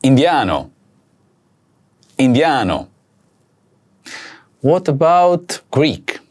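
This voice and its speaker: Guy teaching a language lesson, really slow and clear, repeats every word, bouncy voice. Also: mid-range voice, big pitch swings, darkish tone. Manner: slow, careful, repeats each word for practice. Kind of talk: recorded video language lesson.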